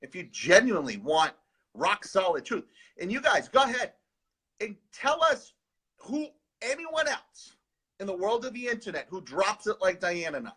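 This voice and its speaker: A man co-hosts a live spiritual stream in a sarcastic, rambling chat. His voice sits high and jumps around a lot. It is bright, with a husky edge. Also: big pitch swings, normal speed. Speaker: co-host of a live spiritual advice show.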